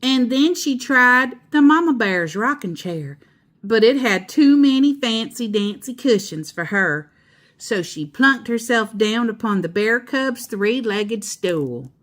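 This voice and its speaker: A woman reading a children's picture book aloud in a slow, expressive storyteller voice. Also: a little high. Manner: slow, expressive, laughing asides.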